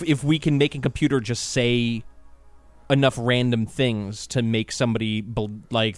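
A man's voice: medium pitch, no echo. A man co-hosting a casual podcast, who swears often and rants heatedly. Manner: profane, heated ranting. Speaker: podcast co-host.

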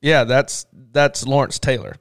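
A man hosting a podcast, relaxed and slangy. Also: medium pitch, unhurried, creaky, no echo, studio quality. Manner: relaxed, laid-back, slangy. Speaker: podcast host. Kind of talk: casual podcast chat.

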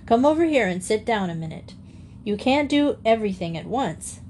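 Reading a storybook, a woman voices a big fair man, a kindly but brisk rescuer who speaks bluntly and practically as he reassures a young woman who has fainted. Her natural voice is a little high, expressive and darkish in tone, moving at a moderate pace with a brisk mood, and there is slight background noise.

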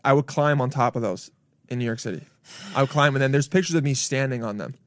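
A man's voice: mid-range voice, quick pace, no echo. A young man in casual chat, telling loose, rambling stories with a laugh.

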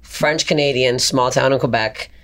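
A woman telling a story in casual chat, animated and full of swearing as she acts out what people said. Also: very deep voice, normal speed.

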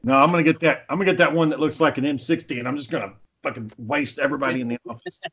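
A man chatting casually with friends, telling animated stories full of swearing. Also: medium pitch, very fast, crowd noise. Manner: profane, animated storyteller. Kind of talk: casual chat among friends.

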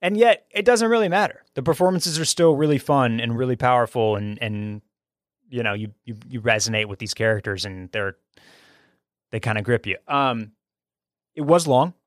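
A man's voice: mid-range voice, normal speed, dry recording, studio quality. A man hosting a casual chat about a film, talking with enthusiasm and often restarting his sentences. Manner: enthusiastic, talkative, frequent restarts. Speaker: podcast host reviewing a film.

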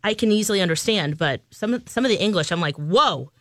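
A woman co-hosting a radio talk show, thinking aloud in a halting way. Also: medium pitch, dry recording, studio quality. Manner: thoughtful, halting, restarts sentences. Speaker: radio co-host. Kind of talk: casual chat.

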